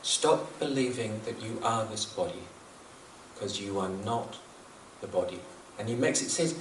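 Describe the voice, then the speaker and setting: A New Zealand man with a lowish voice and lively intonation gives a reflective talk on spiritual teachings at a moderate pace, earnest and prone to repeating himself. He chuckles at his own jokes. The recording has a little hiss or hum, with an echoey room and the speaker far from the mic.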